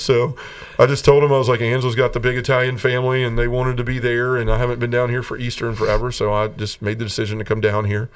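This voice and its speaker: A man's voice: mid-range voice, little pitch movement, quick pace, smooth, recorded from a distance. A middle-aged man from the American South giving a personal testimony in a podcast interview, storytelling earnestly and acting out the voices of the people in his story. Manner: earnest storytelling, acts out quoted voices, laughs between lines. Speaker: guest telling his conversion story.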